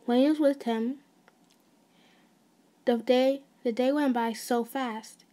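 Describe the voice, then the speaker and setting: Mellow woman telling an ASMR story. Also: sits high, steady tone, slow pace. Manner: casual, with restarts and side notes.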